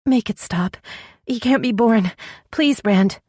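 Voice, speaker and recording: A woman's voice: fairly high pitch, slow pace, mellow, husky, no echo, studio quality, pitched above the performer's own voice. A woman voicing a frightened young woman in labor, breathless and tearful as she pleads. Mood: desperate.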